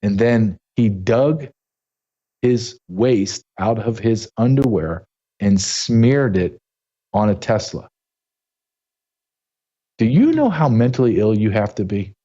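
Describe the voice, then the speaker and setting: An indignant male host delivers political commentary and keeps hammering rhetorical questions. His voice has a mellow, darker tone. The audio is a little dull and lo-fi. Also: on the low side, sing-song, takes it slowly, pauses often. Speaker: show host.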